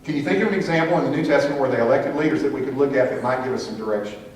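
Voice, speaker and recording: This church class teacher talks rapid-fire in a mid-range voice, posing questions to the group and naming who should answer. The recording comes from a far-off room mic, echoey with a faint hiss.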